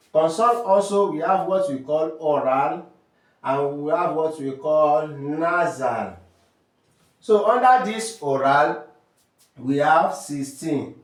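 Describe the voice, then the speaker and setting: The recording picks up a man with a Nigerian accent from a distant, off-mic position in an echoey room as he slowly drills French sounds step by step. His voice is on the high side, and he repeats terms and asks rhetorical questions.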